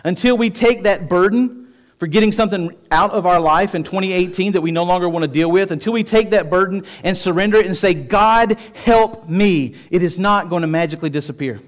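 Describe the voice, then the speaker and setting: A man's voice: high-pitched, fast talker. A man in his forties preaching a sermon on a church stage, talking conversationally with self-deprecating humor and rising into emphatic passages. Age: 40s. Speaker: pastor.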